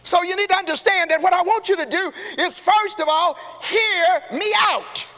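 A man preaching a sermon to his church. He calls out to the congregation and builds to shouts. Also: very high voice, moderate pace. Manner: call-and-response preaching, rising to shouts. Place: church sanctuary. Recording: long hall reverb in a church.

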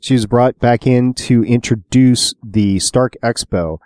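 A man co-hosts a podcast in a casual, chatty way, passing along behind-the-scenes trivia and laughing often. His voice sits at an ordinary pitch for a man. The sound is dry and close to the mic. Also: measured pace, a little mellow, dry recording. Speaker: podcast co-host. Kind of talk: casual chat about films.

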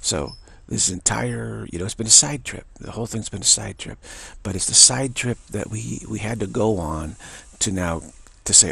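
A man giving a spiritual talk, musing in a halting way with many restarts. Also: lowish voice, vocal fry, pushed and bright, husky. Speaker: spiritual teacher.

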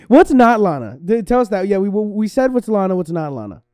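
A man's voice: sits high, sing-song, normal speed, darkish tone, no room sound, clean studio sound. A man co-hosting a comedy podcast in casual chat, laughing often and stumbling over his words as he asks questions. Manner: giggly, stammering, asks lots of questions. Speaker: podcast co-host.

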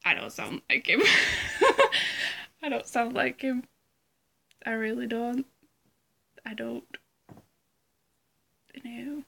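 A woman vlogger chats casually into a close phone or webcam mic. She giggles and rambles. Her voice sits fairly high and bright. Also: big pitch swings, slow pace, creaky, pauses often. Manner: giggly, rambling, self-deprecating. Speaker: vlogger doing impressions. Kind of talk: casual chat.

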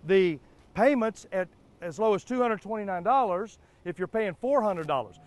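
A man's voice: high-pitched, animated, moderate pace. A man hosting a car dealership TV spot, pushing deals in a repetitive way, checking in with "all right?" and "okay?". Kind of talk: live car sales pitch. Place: car lot outdoors.

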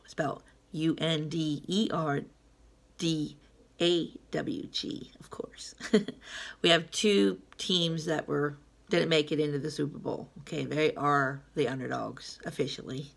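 A woman's voice: low voice, steady tone, a little slow, creaky. A woman from Gloucester, Massachusetts, with a Gloucester accent, chatting her opinions to the camera in a rambling way and laughing often between phrases. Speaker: vlogger. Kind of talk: casual opinion vlog.

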